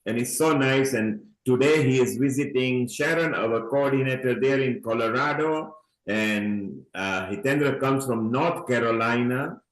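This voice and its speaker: A man's voice: mid-range voice, a little slow, reverberant, rough recording. A man hosting an online event in a chatty way, calling people honey and urging everyone on over a video call. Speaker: event host. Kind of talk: casual online event talk.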